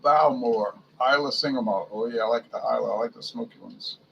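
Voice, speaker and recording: Gravelly man reading a liquor list. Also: medium pitch, fairly quick, lo-fi sound, a little hiss or hum. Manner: muses aloud, stumbles over foreign names. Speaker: beer and spirits reviewer. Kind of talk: casual reading aloud from a liquor catalog.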